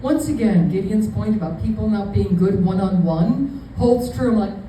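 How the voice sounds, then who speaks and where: A woman's voice: mid-range voice, normal speed, dark tone, a little hiss or hum. A woman in her fifties from New York City telling a rambling, self-deprecating stand-up story to a live audience. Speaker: comedian. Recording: echoey venue, mic far off.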